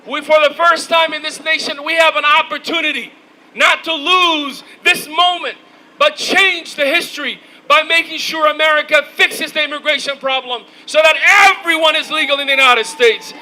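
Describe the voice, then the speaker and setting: High, bright-voiced man shouting a rally speech. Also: steady tone, moderate pace, poor audio. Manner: shouting, rousing, call-and-response. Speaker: rally speaker. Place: outdoor protest rally.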